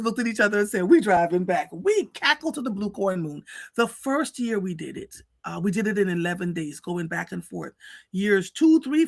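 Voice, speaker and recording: A woman hosting a live show, telling stories in an animated, chatty way with many restarts. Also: a little high, gravelly, no echo. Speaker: host. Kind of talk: casual storytelling chat.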